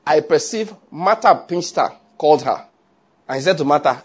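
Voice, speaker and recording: A man preaching a sermon in an animated way, often checking with his listeners. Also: on the high side, moderate pace, breathy edge. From Nigeria. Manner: animated, asks the audience often.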